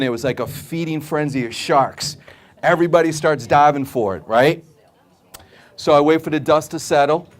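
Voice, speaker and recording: A man from a supplement store gives a live sales talk to an audience, his voice sitting a little high. He's emphatic and repetitive, keeps checking in with "okay?", and acts out customers' reactions in his anecdotes.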